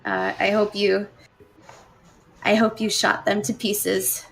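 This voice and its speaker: A proud, stoic Soviet woman pilot, as a player puts her on greets in stiff, formal phrases. Her voice carries a gravelly fry. It is a live tabletop game. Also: medium pitch, flat delivery, takes it slowly, a little hiss or hum, low-quality recording.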